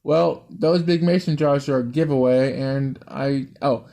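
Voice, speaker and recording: Cocky mocking young man, as a man reads him, story reading, mellow. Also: medium pitch, fairly even intonation, measured pace, creaky. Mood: smug. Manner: smug, insulting.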